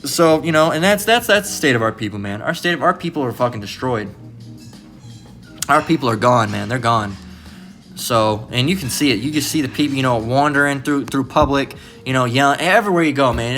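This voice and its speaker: A man preaching from scripture in a loose, cursing, rambling way, stumbling over repeated words and checking in with the listener after each point. His voice sits at a plain middle pitch. Soft music plays underneath. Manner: profane, repetitive, rambling, tag questions. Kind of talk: informal Bible commentary.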